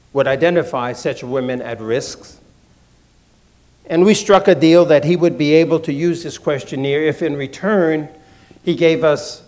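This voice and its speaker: A man from Washington, D.C., telling an audience his own story in a deliberate, measured way, repeating phrases for emphasis. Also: a little high, darkish tone. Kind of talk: measured personal talk to an audience.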